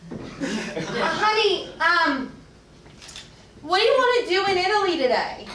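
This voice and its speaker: A woman improv performer, talking in an animated way and often laughing through her lines. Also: very high-pitched, measured pace. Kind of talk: live improv comedy. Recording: distant, echoey stage with noise.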